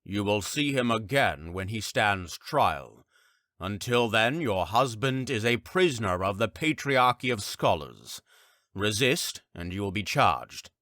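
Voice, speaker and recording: Brief: icy bureaucrat scholar, deliberate and low , narrated by a man. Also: lively intonation, pushed and bright, no room sound, clean studio sound. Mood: cold. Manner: slow, measured, officious. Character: cold stern male scholar official. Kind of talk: audiobook character voice.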